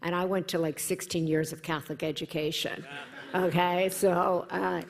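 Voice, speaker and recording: A middle-aged American woman giving a heartfelt personal speech at a dinner event, earnest and grateful, becoming animated when she recounts a story. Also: lowish voice, normal speed, creaky. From United States. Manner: warm, earnest, animated when quoting others. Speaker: event speaker. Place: large hall at a dinner event. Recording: hall reverb in a large room.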